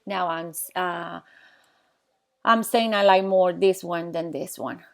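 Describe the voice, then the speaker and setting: In English, a woman teaches a Spanish grammar lesson at a whiteboard, explaining patiently, pausing as she writes on the board and checking in with her students again and again. Her voice is lowish and creaky, with fairly even intonation.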